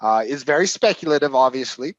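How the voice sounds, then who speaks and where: A man's voice: medium pitch, animated, brisk, lo-fi sound. A man co-hosting a trading show as a coach, confident but stammering and repeating words as he talks about stocks. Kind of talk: casual market chat.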